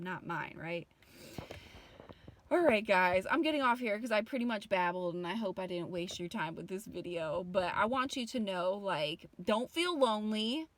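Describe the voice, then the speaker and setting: Woman vlogger, 30s, emotional rambling rant, swears a lot, mid pitch, dry recording. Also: a bit bright, no echo. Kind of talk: casual rant to camera.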